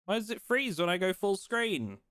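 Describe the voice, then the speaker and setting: A man streaming a game live, chatting casually in a relaxed, rambling way and teasing his chat. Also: high voice, moderate pace, smooth, dry recording, studio quality.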